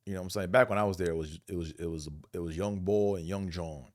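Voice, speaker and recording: Man host from Buffalo, Buffalo accent, low-pitched, rambling profane monologue, dry close sound. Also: steady tone, rapid-fire, dry recording. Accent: Buffalo, New York. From Buffalo, New York. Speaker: vlog host. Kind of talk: casual monologue.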